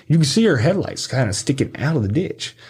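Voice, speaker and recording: A man, a podcast guest telling profane, animated stories and acting out the voices of the people in them. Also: mid-range voice, brisk, slightly rough. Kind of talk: casual storytelling.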